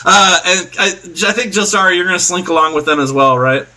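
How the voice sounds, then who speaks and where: A man runs a tabletop game as game master, with a bright, forward voice pitched a little high. He rambles loosely through the scene and keeps breaking into laughter. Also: fairly quick.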